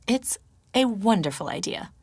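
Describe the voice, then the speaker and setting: A woman's voice: fairly high pitch, animated, moderate pace, darkish tone, no echo, voice pushed up. Woman voicing a wisecracking sarcastic healer woman. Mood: breezy. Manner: wisecracking, breezy, teasing.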